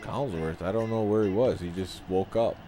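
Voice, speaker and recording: A man with a Chicago accent commentating casually as he plays a football video game, chatty and relaxed as he reacts to plays and viewers. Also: deep voice, a little fast. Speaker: gaming channel host.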